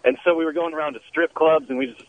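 A man calling in to a radio show and telling his story with easy amusement. His voice sits a little high and comes over a dull, muffled phone line. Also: steady tone, fast. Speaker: caller. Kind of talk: radio call-in.

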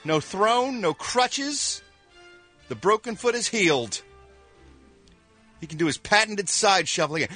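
A man from Philadelphia hosting a morning radio show, reading entertainment news in an animated, jokey way with quick voiced reactions. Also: sits high, faint music behind. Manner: animated, jokey, with quick sound-effect interjections. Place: radio studio.

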